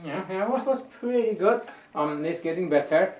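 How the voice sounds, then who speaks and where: Here a high-pitched, animated man speaks at normal speed against a noisy background. Teaching violin, he guides his student patiently, often circling back over words while searching for the best phrasing. The mic is distant, so the sound is roomy.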